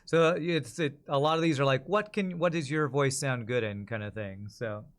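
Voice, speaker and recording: A man's voice: medium pitch, moderate pace. Rambling chatty male streamer. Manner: rambling, self-correcting, chatty. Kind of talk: casual stream commentary.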